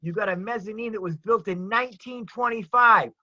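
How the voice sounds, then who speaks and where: Older Rhode Island comic on a dull, dry video call, high and bright, emphatic storyteller. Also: male voice, a little fast, no echo. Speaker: comedian guest. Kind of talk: casual chat on a video call.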